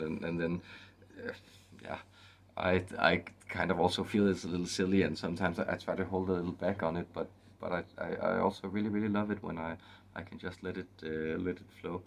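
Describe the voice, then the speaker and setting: A man channeler giving a casual spoken introduction, halting and often repeating and restarting his words. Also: low-pitched.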